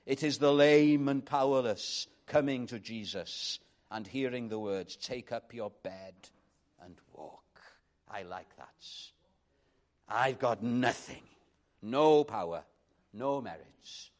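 A man preaching a sermon in an earnest manner, rising to emphatic calls and dropping to quiet reflection. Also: medium pitch, takes it slowly.

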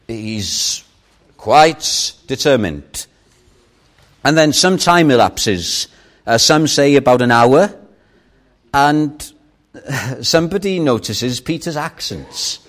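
Slow, animated Welsh-speaking preacher. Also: male voice, medium pitch. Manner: slow, expressive storytelling with emphatic stresses. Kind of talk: sermon.

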